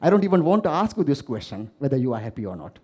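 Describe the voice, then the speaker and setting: Man doing a fable crow, envious, flattering, awed, mellow. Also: mid-range voice, very fast, slightly rough. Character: envious little crow full of admiration.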